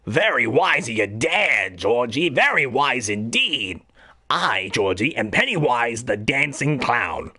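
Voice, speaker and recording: A man's voice: medium pitch, big pitch swings, slow, bright, forceful tone, husky, no room sound, clean studio sound, heavily acted. A man voicing a sinister, playful male clown monster with a teasing drawl. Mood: menacing.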